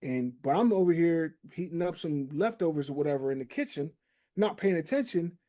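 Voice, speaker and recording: A man hosting a relaxed podcast chat, his voice a bit higher than most men's but mellow and warm. He muses aloud, circling back to his point through everyday comparisons and small stories. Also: a little fast. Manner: reflective, storytelling with homely analogies. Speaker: podcast host. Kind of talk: casual conversation.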